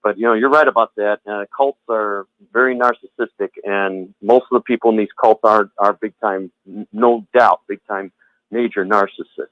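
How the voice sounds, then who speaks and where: A former Jehovah's Witness shares his story in a heated phone conversation, his lowish, steady, slightly bright voice at a moderate pace. The line sounds thin, dry and close, with no echo, and he rambles bluntly, repeating the same words and swearing.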